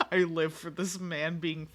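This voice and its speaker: Chatty streamer talking to viewers: bright edge, frequent giggles, loose and profane, self-deprecating. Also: medium pitch. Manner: giggly, rambling, swears freely, self-mocking. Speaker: game streamer. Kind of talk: casual live-stream chat with viewers.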